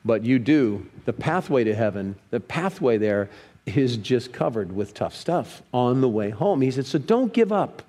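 A man preaching a sermon in a church, lively, leading the congregation in reading scripture aloud. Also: medium pitch, a little slow. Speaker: pastor. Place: church sanctuary. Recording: long reverb of a church hall.

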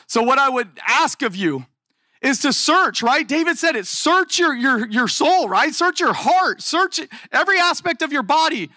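Male preacher, bright tone, dry close mic; lively, talky sermon with many questions. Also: very high-pitched, moderate pace, dry recording. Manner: animated, conversational preaching with rhetorical questions. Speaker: pastor.

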